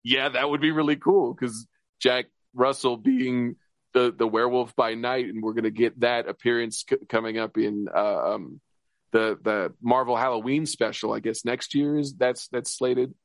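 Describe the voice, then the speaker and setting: A man co-hosts a podcast in casual chat, excitedly rambling fast from one thought to the next, restarting sentences and laughing. His voice has an ordinary middle pitch, and the recording is close and dry with no room sound.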